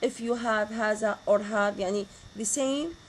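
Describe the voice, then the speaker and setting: A woman giving a grammar lecture, slowly repeating example sentences. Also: medium pitch, slight background noise, low-quality recording. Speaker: university lecturer.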